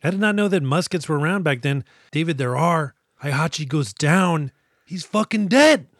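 A man's voice: a little high, moderate pace, dry recording. Joking profane man, dry close sound. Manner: profane, jokey, animated retelling. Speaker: podcast co-host. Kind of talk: casual movie recap chat.

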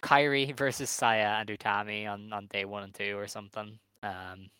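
A man co-hosting a wrestling podcast, speculating in a relaxed way with lots of ums and hedges. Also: on the low side, moderate pace, smooth, dry recording. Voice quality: hesitant, hedging, many fillers. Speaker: podcast co-host. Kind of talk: casual chat.

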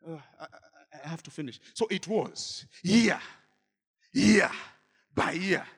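A male pastor preaching a sermon in church, swinging from shouted exhortation to quiet asides. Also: sits high, measured pace, creaky, husky, long reverb tail. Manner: dramatic, swings between shouting and murmuring asides.

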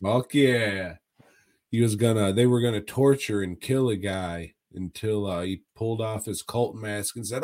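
A man's voice: lowish voice, measured pace, darkish tone. A man co-hosting a podcast, casually reviewing movies in a laid-back, profane way with frequent chuckles. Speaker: podcast co-host.

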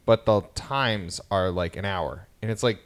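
A man in his thirties co-hosts a podcast, sharing family stories in casual conversation and acting out the things his kids said. He speaks in a low voice at an unhurried pace, and the storytelling is lively.

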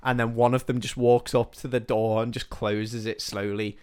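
A man casually retelling a film plot as a podcast host, animated, swearing freely and acting out the characters' lines. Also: medium pitch, moderate pace, clean tone.

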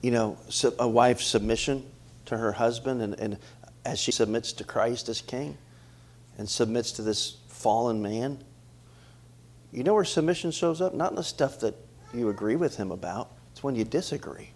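With a medium-pitched voice and a moderate pace, a middle-aged male pastor preaches in an animated manner. He poses questions to those gathered and repeats words frequently.

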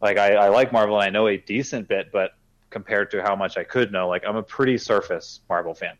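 Man, low voice, young adult, casual podcast chat, rambling storyteller. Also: a little fast, dull audio. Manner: rambling anecdotal storytelling with lots of fillers and laughs. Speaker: podcast co-host.

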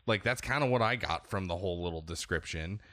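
A man's voice: low-pitched, quick pace, sharp tone, dry recording, studio quality. A man hosting a podcast, candidly rambling through a casual game discussion and often restarting his sentences. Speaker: podcast host.

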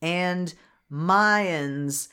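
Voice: mid-range voice, very slow, sharp tone, clean tone. A podcast host casually recapping a cartoon movie in a wry, sarcastic way.

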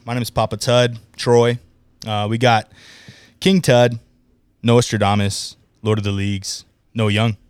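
A man hosting a casual sports podcast, upbeat and chatty, quick to laugh, talking over a remote call microphone. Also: fairly low pitch, little pitch movement, clear, resonant tone, no echo, clean studio sound. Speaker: podcast host.

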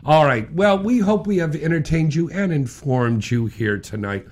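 A man's voice: a little high, animated, normal speed, a little mellow. A man hosting a late-night talk radio show, chatting loosely and joking with his guests and callers. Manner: loose, joking, laughs often. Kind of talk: casual talk radio chat.

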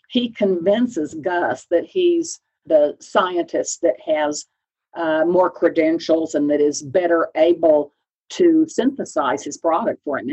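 A woman guest telling an animated, enthusiastic story with many fillers and restarts. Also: on the low side, breathy edge, poor audio. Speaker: interviewed guest, science advisor. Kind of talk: recorded remote interview anecdote.

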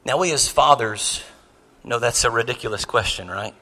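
A man's voice: medium pitch, expressive, normal speed, a bit bright, big-room sound. A man in his thirties preaching a sermon, telling a story in an earnest way with many restarts. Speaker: pastor.

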